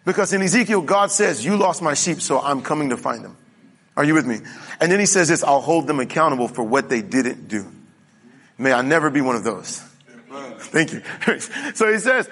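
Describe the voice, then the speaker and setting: A man's voice: on the high side, animated, moderate pace, fairly bright tone, slightly rough. A male pastor preaching a conversational sermon, often checking in with the congregation. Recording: reverberant hall.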